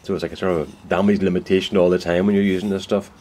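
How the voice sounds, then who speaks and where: A man's voice: deep voice, level tone, very fast, a little mellow. A man, a woodturner chatting casually in his shed in a rambling, folksy way and correcting himself as he goes. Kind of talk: casual workshop vlog. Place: indoor woodworking shed.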